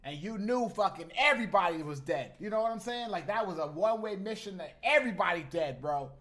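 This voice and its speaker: Animated slangy male streamer. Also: high voice, a little fast. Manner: animated, slangy, talks to chat. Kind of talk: casual live-stream chat.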